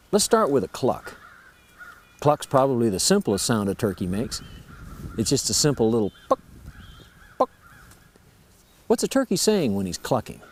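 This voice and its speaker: A man's voice: mid-range voice, a little hiss or hum. A man teaching turkey calls, explaining each sound step by step in a folksy, plain-spoken way. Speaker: turkey-calling instructor. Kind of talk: instructional explanation.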